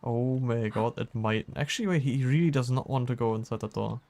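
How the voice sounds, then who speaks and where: A man's voice: mid-range voice, fairly quick, darkish tone. A man streaming a game and chatting casually, laughing often as he plays. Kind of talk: casual gameplay chat.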